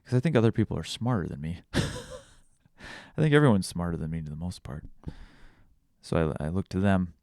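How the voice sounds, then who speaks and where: A man hosting a podcast, thinking out loud in a casual reflective monologue, searching for words with frequent restarts. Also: sits low, animated, moderate pace, gravelly, no echo, studio quality. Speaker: podcast host.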